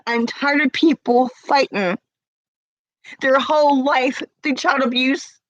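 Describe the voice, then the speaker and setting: Slow, tearful woman confronting someone. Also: sits high, steady tone, no echo, dull audio. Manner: confrontational, repeated pointed questions. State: crying. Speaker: vlogger. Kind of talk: emotional direct-to-camera rant.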